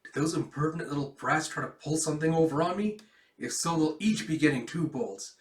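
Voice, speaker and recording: Gruff scolding schoolmaster, strict and irritable, played by a man, echoey room. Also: fairly high pitch, fairly quick, lightly acted. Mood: stern. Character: stern old male schoolmaster, strict and irritable.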